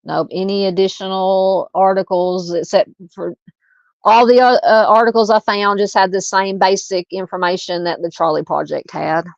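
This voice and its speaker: Her voice is mid-range and steady, with vocal fry and a moderate pace, and there's no echo. A Southern US woman hosting a true crime livestream, she chats casually, full of ums and uhs, while reading viewer comments, all captured on a dull, lo-fi, dry home mic.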